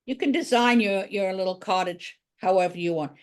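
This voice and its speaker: A woman's voice: medium pitch, moderate pace, smooth. A woman art teacher giving a drawing tutorial, talking chattily and thinking aloud as she draws.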